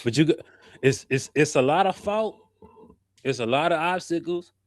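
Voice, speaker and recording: A man's voice: fairly high pitch, animated, normal speed, dry recording, clean studio sound. A man on a casual panel speaking bluntly and emphatically, in slangy talk.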